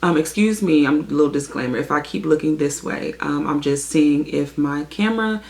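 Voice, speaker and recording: A woman's voice: deep voice, normal speed, darkish tone. A young woman from the USA talking casually to her camera in a home basement, chatty and full of filler words. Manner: chatty, many "um" fillers, apologetic asides. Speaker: vlogger. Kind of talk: casual vlog talk to camera.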